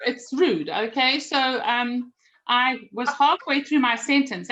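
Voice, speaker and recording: Chatty South African woman, slightly high. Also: moderate pace, a bit bright, lo-fi sound. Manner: chatty, self-deprecating, laughs while telling stories. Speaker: guest, magazine publisher. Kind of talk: casual interview storytelling.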